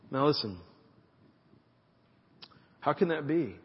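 A man's voice: on the high side, a little fast, husky, muffled recording. Man preaching in an echoey hall. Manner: conversational, animated preaching with asides to the congregation. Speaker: pastor. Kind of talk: sermon.

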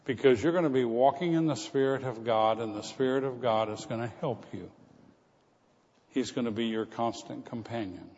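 Male pastor, mid-pitched sermon voice, long church reverb, muffled recording. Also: moderate pace, a little mellow. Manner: storytelling preacher, rising to emphatic repetition. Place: church sanctuary.

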